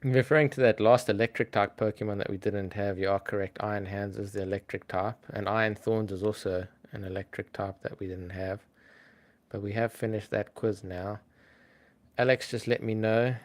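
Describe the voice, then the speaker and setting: A man with a fairly low voice chats casually with his livestream audience. He sounds relaxed and easygoing, often pausing on an um while he thinks. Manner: relaxed, chatty, frequent ums. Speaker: livestream host.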